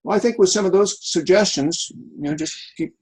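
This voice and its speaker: Casting: male instructor, halting delivery, full of fillers and restarts, video call audio. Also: sits high, a little mellow, breathy edge, low-quality recording. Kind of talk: online class feedback session.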